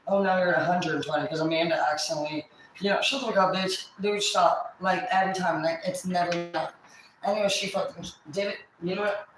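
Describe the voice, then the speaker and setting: A woman in her forties venting on a livestream in rambling, profane, halting speech. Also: on the low side, fairly even intonation, very echoey, background noise.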